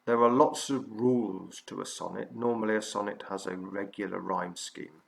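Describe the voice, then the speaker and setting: Man, teacher, gravelly low voice, explaining a lesson, hesitant with fillers. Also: steady tone. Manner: explanatory, halting with frequent fillers. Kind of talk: recorded revision lesson.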